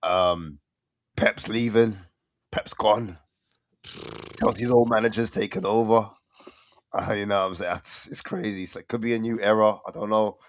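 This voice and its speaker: Laid-back man, low voice. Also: steady tone, moderate pace, long pauses, slight background noise. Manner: slangy, laid-back, laughs often. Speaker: host. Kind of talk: casual football fan chat.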